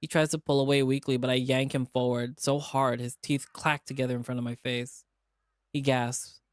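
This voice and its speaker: A man's voice: medium pitch, normal speed, clear, resonant tone, no room sound, clean studio sound. A man streaming as he reads a visual novel aloud and voices its characters in a dramatic way. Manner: dramatic reading, animated asides.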